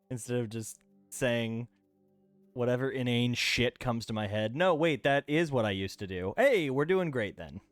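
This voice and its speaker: A man's voice: mid-range voice, unhurried, no echo, soft background music. A man streaming a video game from home, chatting casually in a playful, rambling way. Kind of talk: casual gameplay stream chat. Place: home room.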